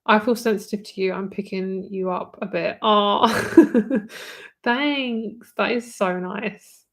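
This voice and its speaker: A woman's voice: medium pitch, slow pace, long pauses. A young British woman, a tarot reader, chatting candidly with viewers on a live stream, swearing freely and saying "like" often.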